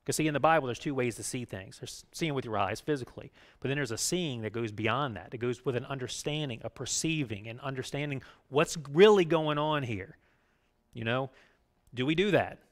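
A man pastor giving a conversational sermon, often checking in with his listeners and swinging between emphatic raised lines and quiet low ones. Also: fairly quick. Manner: conversational preaching, frequent "right?" asides.

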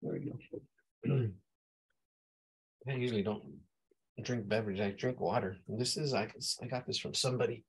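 A man teaching a live online drawing class, chatting casually and humming to himself as he sketches, his voice going and his throat clearing often. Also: medium pitch, fairly even intonation, normal speed, long pauses. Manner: casual, hums and talks to himself while sketching.

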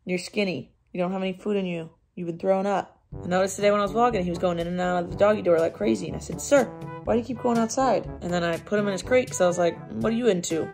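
A woman's voice: lowish voice, fairly even intonation, racing, darkish tone, faint music behind. A young woman vlogging in a chatty, rambling way with dry sarcastic asides. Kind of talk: casual vlog chat.

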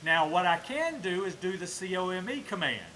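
A man's voice: sits high, sing-song, normal speed, sharp tone, slight background noise. A man with a Southern US accent, a dog trainer explaining his methods outdoors between short commands to a puppy. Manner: explains to camera while working a dog, switching to short commands.

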